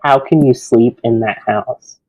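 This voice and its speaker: A man's voice: mid-range voice, a little slow, warm tone, lo-fi sound. A man hosting a podcast, chatting about films in a conversational way. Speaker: podcast host. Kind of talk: casual film discussion.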